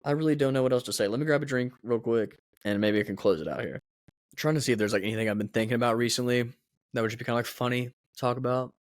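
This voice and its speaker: A man's voice: mid-range voice, quick pace, dry recording, clean studio sound. A young man hosting a podcast alone, rambling in a casual, chatty, self-mocking way. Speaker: podcast host. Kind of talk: casual solo podcast chat.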